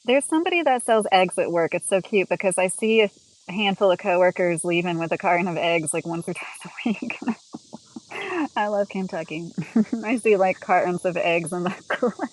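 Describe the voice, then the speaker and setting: On a livestream, a woman chats casually while walking through her home and garden, rambling with lots of "like" and quick laughs. Her voice sits fairly low, and the recording quality is poor.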